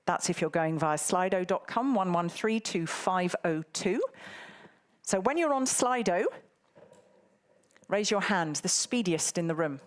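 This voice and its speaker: A woman's voice: fairly low pitch, animated, unhurried. A woman moderating a live conference, bantering and teasing the audience in a playful way. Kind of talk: live event hosting.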